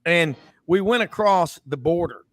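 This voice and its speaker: A man with a high voice hosts a casual sports talk show. He rambles through stories and slips into the voices of the people in them. The sound is dry and close. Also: expressive, unhurried, no room sound. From Memphis, US South. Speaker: host.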